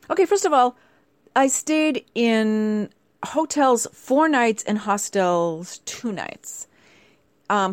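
A woman hosting her own show tells stories in a chatty, animated way, full of playful, casual asides. Her pitch is medium, and there's no room sound.

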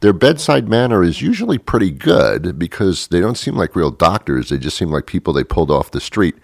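A man with an extremely deep, gravelly voice rambles through a comic radio monologue. He is dry and self-mocking and chuckles along the way. He is recorded close on a dead-dry studio mic. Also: big pitch swings, brisk, no echo. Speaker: radio show host.

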